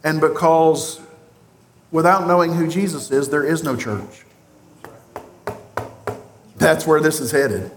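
A man with a fairly high voice preaches a sermon slowly and deliberately. He presses his points with rhetorical questions and pauses. The sound is roomy and echoey, as in a church sanctuary. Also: slight background noise. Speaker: pastor. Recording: roomy echo.

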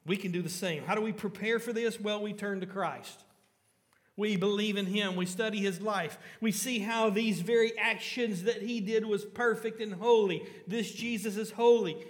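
Earnest preacher guy, kinda high voice, long echo from a big hall. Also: moderate pace. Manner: earnest, asks the listeners questions. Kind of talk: sermon.

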